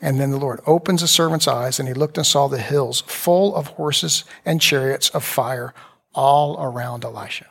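A pastor preaching a conversational sermon, retelling scripture in a loose, talky way with asides. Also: male voice, mid-range voice, normal speed, vocal fry, breathy edge.

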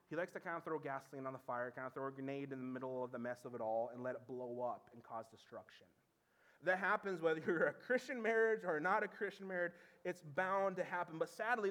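A male pastor in his thirties delivers a sermon, his voice sitting fairly high for a man. He spins funny stories with animated energy, then sinks low and soft when he drives a point home.

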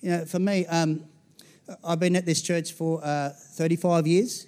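A man's voice: fairly high pitch, flat delivery, measured pace, a little mellow. An Australian pastor in his forties giving a conversational sermon, often checking in with the congregation. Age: 40s.

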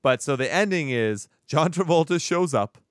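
Podcast host, man, lively storyteller with a resonant voice, recorded dry. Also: a little high, normal speed, smooth, no room sound. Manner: animated storytelling, acts out quotes, laughs often. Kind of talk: casual movie review chat.

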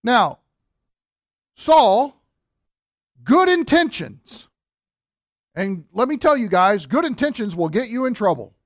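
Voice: mid-range voice, sing-song, unhurried, no room sound, clean studio sound. A Bible teacher giving a conversational lesson, breaking off for jokes and talking straight to the listeners. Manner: joking asides, addresses listeners directly.

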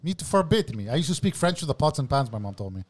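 A man hosts a casual podcast chat in a laid-back, teasing way. His voice sits a little high and swings widely in pitch. He keeps saying bro. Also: sing-song, fast. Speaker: podcast host.

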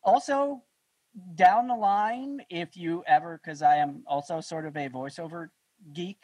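A man hosting a podcast, relaxed and casual, chuckling between phrases. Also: on the high side, measured pace, no room sound, rough recording. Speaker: podcast host. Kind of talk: casual interview chat.

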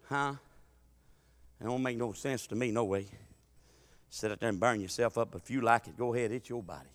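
A middle-aged man preaching a sermon, telling folksy stories and swinging from hollering to quiet asides. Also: medium pitch.

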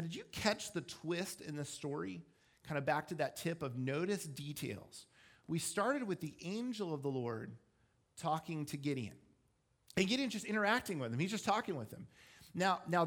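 Male pastor, slightly high voice, casual explanatory sermon delivery with self-deprecating asides.

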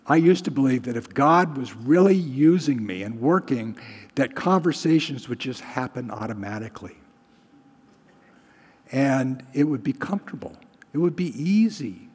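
A man's voice: mid-range voice, expressive, moderate pace, darkish tone, husky, in a large hall. A man preaching a sermon in a conversational way, often putting questions to the congregation. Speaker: pastor.

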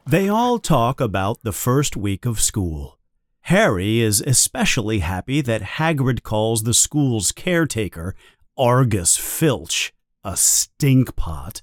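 Man, storybook narrator, unhurried delivery, lively pitch, dry close sound. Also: dry recording. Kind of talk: storybook reading.

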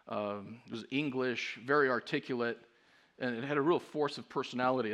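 A man's voice: medium pitch, fairly bright tone. A man preaching a sermon as pastor, emphatic, posing rhetorical questions to his congregation.

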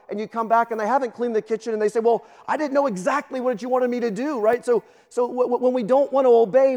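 A man's voice: very high voice, a little mellow, long reverb tail. A man, a guest pastor, preaching a sermon with emphatic delivery, often repeating words as he starts sentences.

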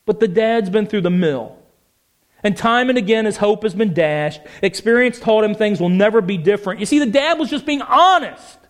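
A male preacher with a very high voice for a man, delivering a passionate sermon. He presses his points with emphatic phrasing and keeps asking his listeners questions. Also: expressive, moderate pace.

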